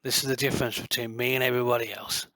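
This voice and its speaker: This middle-aged video maker, who builds light guns, talks very fast in a rambling, filler-heavy monologue to camera, bragging with real passion. His pitch barely moves from a flat, level line. The sound is dry and close, with no room around it at all.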